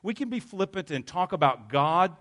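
A man's voice: high voice, sing-song, moderate pace, a bit bright. A man preaching a sermon as pastor, earnest and emphatic, often stopping to correct himself.

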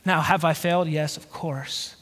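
A high-voiced man delivers an earnest, reflective sermon in a slow cadence with pauses. The sound rings with a long hall reverb. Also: fairly even intonation, fairly bright tone. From Georgia, USA. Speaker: pastor.

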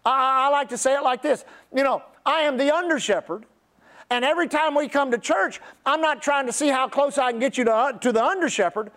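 A man's voice: extremely high pitch, fairly bright tone. A middle-aged man preaching a sermon as pastor, stretching key words and calling on the congregation to repeat after him. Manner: preacherly, drawn-out emphasis, audience call-and-response.

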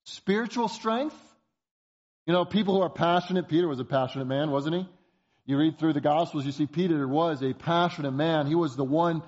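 A man's voice: fairly high pitch, highs cut off. A man preaching a sermon, emphatic, posing rhetorical questions at a varying pace. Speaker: pastor.

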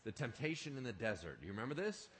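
A male pastor preaching a sermon in an animated, emphatic way, often asking his listeners questions. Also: medium pitch, fast, slight background noise.

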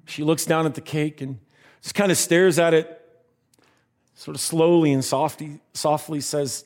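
A man's voice: on the high side, fairly even intonation, moderate pace, darkish tone. A man preaching a sermon, telling a story in a conversational way and dropping his voice at tender moments.

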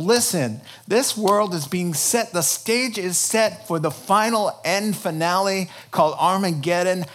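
High-voiced man preaching with passion. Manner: impassioned preaching, swinging between loud bursts and hushed lines, acting out quotes. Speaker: pastor. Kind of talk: sermon.

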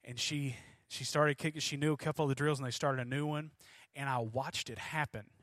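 A man, preaching a sermon in an animated storytelling way. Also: mid-range voice, a little fast, no echo, studio quality. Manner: animated storytelling, emphatic, voices his daughter and himself. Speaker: pastor.

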